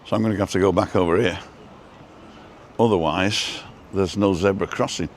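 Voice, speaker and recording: A man's voice: deep voice, steady tone, normal speed, slight background noise. A man chatting casually while driving and filming, reading out viewer comments with a dry, joking manner. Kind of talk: casual live-stream chat while driving. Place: inside a car.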